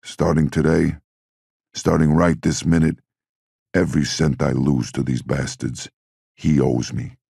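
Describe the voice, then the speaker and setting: A man voicing an older male crime boss who is furious and erupts into shouting. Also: a bass voice, flat delivery, unhurried, vocal fry, no echo, clean studio sound, exaggerated voice. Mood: bitter, threatening. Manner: explosive, shouting in bursts.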